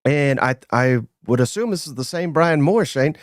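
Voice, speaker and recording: A man's voice: fairly high pitch, moderate pace, no room sound, clean studio sound. Upbeat man hosting a podcast. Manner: energetic, shouts out channel members, teasing. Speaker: podcast host. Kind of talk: casual sports chat.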